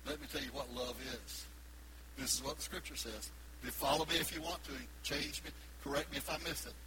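A pastor preaching a sermon, swinging from loud emphatic peaks to hushed asides. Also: male voice, mid-range voice, background noise. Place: church sanctuary.

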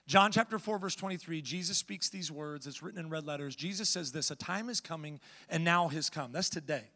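A man pastor from the United States preaching a sermon, telling a story with animation and then building to loud exhortation. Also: a little high, fairly quick, in a large hall.

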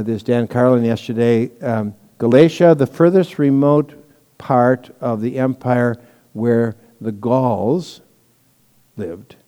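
A man's voice: medium pitch, mellow, long reverb tail. A man preaching a sermon as pastor, teaching in a conversational way with stories and asides.

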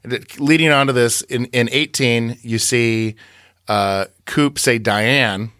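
A man's voice: medium pitch, a little slow, fairly bright tone, clean tone, no echo, studio quality. A man co-hosting a podcast, recapping and analyzing scenes in a meandering, self-correcting way. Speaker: podcast co-host. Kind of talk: casual podcast discussion.

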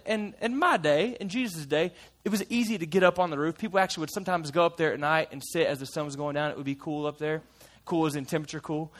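A man in character as a fisherman disciple, retelling a story to a church group in a chatty, playful way with side remarks. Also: sits high. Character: folksy fisherman disciple retelling his memories.

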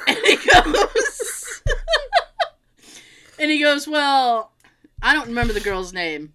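Woman, casual storytelling, high lively voice, bright tone, frequent laughter. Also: a little slow. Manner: animated storytelling with laughter and swearing. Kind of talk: casual chat.

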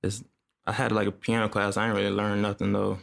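Young male producer guest, low gravelly flat delivery, relaxed and halting. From upstate New York. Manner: laid-back, halting, lots of fillers. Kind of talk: casual interview chat.

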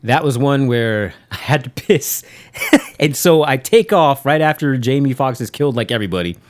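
A man co-hosting a laid-back podcast, telling stories in a meandering way and swearing freely. His voice is very lively and swoops up and down as he acts out his own reactions. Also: medium pitch, moderate pace. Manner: profane, rambling storyteller who acts out his own reactions. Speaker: podcast co-host. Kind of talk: casual chat about movies.

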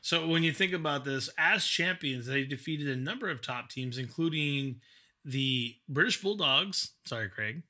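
A man's voice: on the high side, normal speed, sharp tone. A man co-hosting a casual podcast chat, often restarting his sentences as he thinks. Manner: hesitant, repeats words while thinking. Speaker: podcast co-host.

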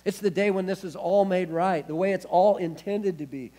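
A man preaching a sermon as pastor, expressive, with wide swings in loudness and casual, laughing asides. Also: high-pitched, normal speed.

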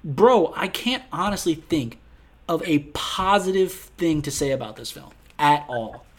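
A man's voice: fairly high pitch, expressive, unhurried. Man, casual podcast co-host; exasperated, profane ranting, voice swinging up and down a lot. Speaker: podcast co-host reviewing a film. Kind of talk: casual chat.

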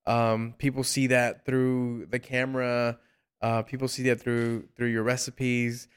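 A man's voice: medium pitch, flat delivery, unhurried, smooth. A man hosting a casual interview, praising his guest and talking in loose sentences with many fillers and repeated words. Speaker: host.

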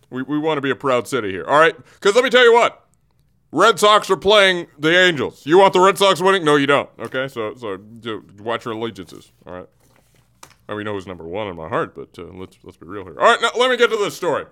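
Excitable male sports host, bright and lively, mock-furious rant full of stammered restarts. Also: on the high side, a little fast, clear, resonant tone.

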